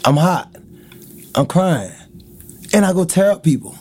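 A middle-aged man in casual chat, animated and laughing often, acting out loud quotes. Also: high voice, measured pace, slightly rough.

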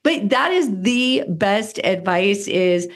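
A woman's voice: mid-range voice, expressive, takes it slowly. A woman hosting an interview podcast, enthusiastic and affirming as she responds to her guest, laughing often. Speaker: podcast host. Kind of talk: casual interview talk.

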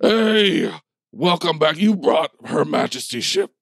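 A man puts on a giant cigar-smoking bulldog boss, smug and overly polite, for a tabletop game. The voice swings lively up and down and sounds close and dry. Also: fairly high pitch, takes it slowly, creaky, no echo, pitched above the performer's own voice, exaggerated voice.

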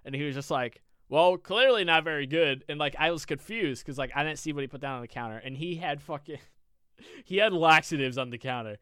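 A man's voice: fairly high pitch, quick pace, fairly bright tone, clean tone, no echo, clean studio sound. A man co-hosting a casual podcast, telling rambling work stories with plenty of swearing. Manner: rambling storyteller, swears a lot. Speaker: podcast co-host.

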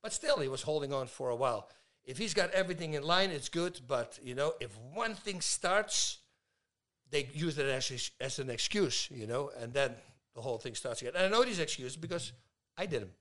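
A man in his fifties, a guest telling stories in casual talk, lively and laughing, acting out the people he quotes. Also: a little high, a little fast. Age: 50s. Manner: animated, laughs a lot, acts out dialogue. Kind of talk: casual storytelling.

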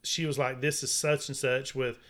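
A man's voice: medium pitch, little pitch movement, moderate pace, fairly bright tone. A man with a Southern US accent co-hosting a casual talk show, folksy and chiming in to finish his partner's sentences. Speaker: podcast co-host. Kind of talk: casual storytelling chat.

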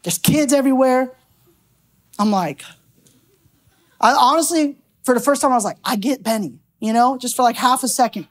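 Woman preacher, brisk storyteller, laughs easily, slightly high voice, church sermon. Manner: animated storytelling, laughing, conversational. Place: church sanctuary.

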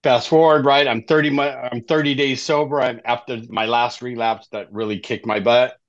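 A middle-aged man, appearing as a guest on a podcast, is a life coach in recovery. His mid-range voice holds a fairly even intonation at normal speed, and the recording sounds muffled. He tells his story casually and conversationally, often ending sentences with "right?"

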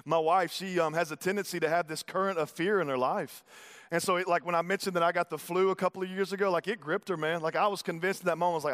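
High-voiced Southern preacher in a reverberant church. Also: male voice, fast talker. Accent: Southern American. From American South. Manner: conversational preaching, folksy asides, drops to soft low tones for emphasis. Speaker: pastor. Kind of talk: sermon. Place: church sanctuary. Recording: long hall reverb.

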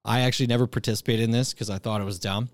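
A young man in casual chat, relaxed and swearing freely, laughing often as he tells a story. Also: fairly low pitch, racing, dry recording.

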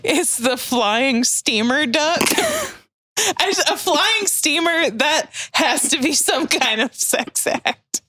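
A woman's voice: high voice, very animated, slow, sharp tone, no room sound. A woman from Texas co-hosting a podcast, laid-back and crude, laughing often. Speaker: podcast co-host. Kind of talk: crude comedic chat.

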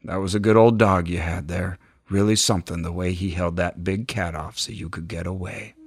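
A man's voice: low voice, steady tone, brisk, pitched below the performer's own voice. A man voicing a grown man who talks offhandedly about a brave dog. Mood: offhand. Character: gruff grown man praising a dead dog.

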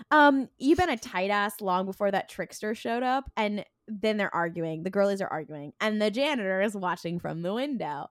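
A woman co-hosting a podcast, casually recapping an episode, retelling scenes with quick bits of quoted dialogue and frequent ums. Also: medium pitch, lively intonation, no echo, clean studio sound. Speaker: podcast co-host.

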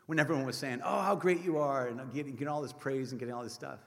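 A middle-aged male priest preaching in a big hall, his voice carrying a long reverb tail. He tells stories with animation, acting out voices, and drops from loud exclamations to quiet, hushed moments. His pitch sits in a middle range. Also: fast talker, creaky, hardly any pauses. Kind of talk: sermon.

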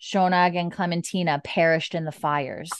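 A woman's voice: lowish voice, fairly even intonation, moderate pace, clean tone, dry recording, lightly acted. A woman voicing a grieving old blind matriarch, reading her lines out plainly. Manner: reads the lines out plainly from a script.

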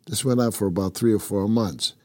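A man's voice: lowish voice, a little fast, darkish tone, dry recording, clean studio sound. An older man from upstate New York, a former prison inmate telling his story in a blunt, rambling, constantly swearing way. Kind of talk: casual profane storytelling.

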